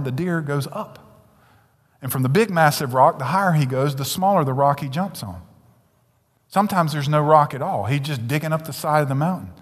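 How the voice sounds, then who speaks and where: A male pastor preaching a sermon, swinging between loud emphatic declarations and hushed, near-whispered asides. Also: mid-range voice. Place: church sanctuary. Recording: long hall reverb, church sanctuary.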